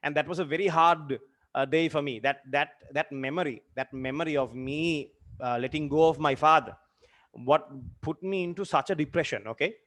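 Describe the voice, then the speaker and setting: A young man in his twenties, a teacher telling a personal story in a lesson, earnest and halting with many fillers and repeated phrases. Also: fairly high pitch, a bit bright. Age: 20s. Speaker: literature teacher.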